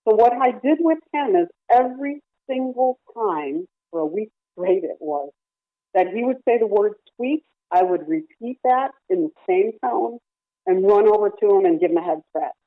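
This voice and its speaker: A woman's voice: mid-range voice, lively intonation, moderate pace, dry recording. A woman who runs a parrot rescue, explaining her training at length with examples in a phone-in radio interview. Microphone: telephone. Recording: tinny dry phone line.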